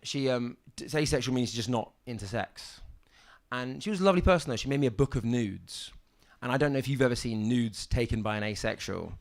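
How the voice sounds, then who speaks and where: A young man doing a stand-up set on a club stage, with a halting deadpan delivery full of ums and restarts. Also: medium pitch, gravelly. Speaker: stand-up comedian. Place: comedy club stage with audience. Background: audience laughter.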